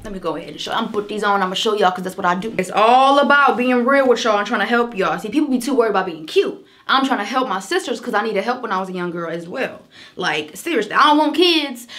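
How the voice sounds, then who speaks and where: A woman's voice: medium pitch, fairly bright tone. Chatty young American woman vlogging. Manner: chatty, sisterly, slangy, addresses viewers as girl. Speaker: beauty vlogger. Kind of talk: casual chat to camera.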